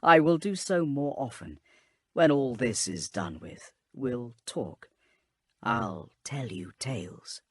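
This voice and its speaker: A grave, secretive inquisitor, as a male narrator plays him, speaking in a husky, measured way. His delivery rises and falls as he reasons things out, recorded dry and close for an audiobook. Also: mid-range voice, very animated, no echo. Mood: reserved.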